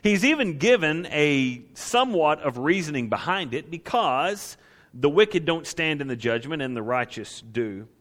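A man's voice: a little high, lively intonation, measured pace, a bit bright. A male preacher giving a conversational sermon on the Psalms. He is emphatic and keeps pressing the congregation with repeated rhetorical questions.

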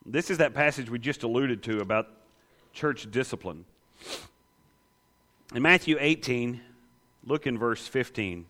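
A man's voice: medium pitch, animated, measured pace, pauses often, sharp tone. Guy preaching a sermon, keeps throwing questions at the room, church echo. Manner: emphatic, asks the congregation rhetorical questions. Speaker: pastor.

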